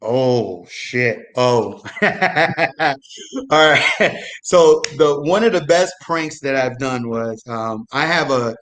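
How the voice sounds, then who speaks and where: A man's voice: medium pitch, expressive, slow, fairly bright tone. Profane, rambling young man telling stories. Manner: loose and profane, with lots of restarts. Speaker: guest storyteller, former military supply. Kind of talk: casual comedic storytelling.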